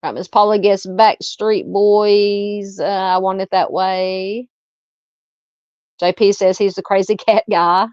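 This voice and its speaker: A woman's voice: medium pitch, fairly even intonation, takes it slowly, darkish tone, smooth, no echo, lo-fi sound. A woman with a Southern American accent hosting a casual livestream, chatting and reading out viewer comments. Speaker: livestream host. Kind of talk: casual live-chat.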